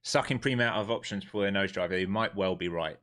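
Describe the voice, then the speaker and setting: With a low-pitched, fairly bright voice and a quick pace, a man broadcasts his day trading live. He's wound up and emphatic, cursing freely, speaking bluntly, and firing off questions to viewers that he answers on his own.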